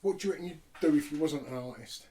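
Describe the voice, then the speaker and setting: A man's voice: on the high side, quick pace, dark tone, a little hiss or hum. A man hosting an interview podcast, asking plainspoken questions. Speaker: podcast host. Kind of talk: casual interview. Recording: distant from the mic.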